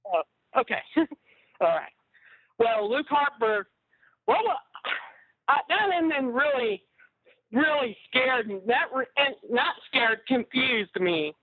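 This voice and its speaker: Joking male caller, high voice, rambling chat over a tinny phone line. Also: animated, takes it slowly, long pauses, no room sound. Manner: joking, rambling, prone to pranks. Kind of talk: casual chat.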